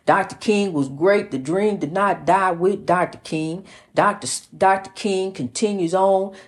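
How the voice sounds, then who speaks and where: A woman's voice: mid-range voice, unhurried. A woman talking straight to camera in a personal testimony, preachy and repetitive, often calling the listener honey. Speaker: vlogger.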